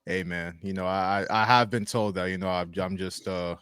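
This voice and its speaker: A man co-hosting a podcast in casual chat, with a smooth, professional radio voice and an easygoing manner. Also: sits low, steady tone, normal speed, fairly bright tone, dry recording, clean studio sound. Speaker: podcast co-host.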